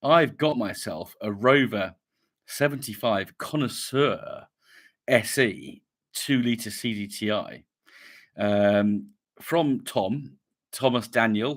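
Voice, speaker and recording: A man's voice: medium pitch, fairly bright tone. A man hosting a casual live stream, chatting in a rambling way as he greets viewers and reads out their comments. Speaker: YouTube channel host.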